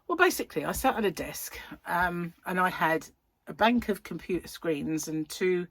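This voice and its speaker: Chatty woman, low-voiced. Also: slight background noise. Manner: chatty, giggly, self-interrupting storyteller. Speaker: crochet channel host. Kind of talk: casual chat, rambling anecdote.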